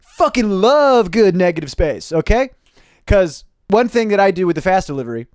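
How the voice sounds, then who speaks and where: A young man, a stand-up comedian, riffing casually to camera in a fast, animated way with profane jokey asides. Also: high-pitched, no echo. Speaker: stand-up comedian and video host.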